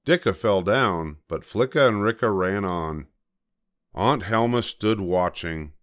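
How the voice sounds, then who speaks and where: An older man reading a children's story aloud as storyteller, gentle and measured. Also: fairly low pitch, lively intonation.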